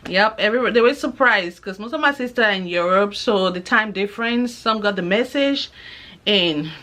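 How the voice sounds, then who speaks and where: Bright-voiced woman telling a story. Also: medium pitch, normal speed. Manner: animated retelling, acting out quoted voices. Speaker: vlogger. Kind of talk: casual storytelling to camera.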